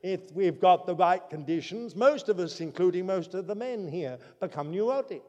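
A man preaching a sermon, earnest and emphatic, swinging between loud declarations and quiet asides. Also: high voice, animated, moderate pace, muffled recording. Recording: long reverb from a large hall.

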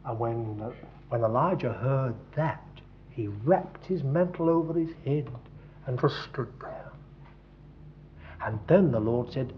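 A man preaching a sermon, dropping to hushed tones and rising to loud emphasis. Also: medium pitch, takes it slowly, long pauses, a little hiss or hum. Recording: dull lo-fi recording.

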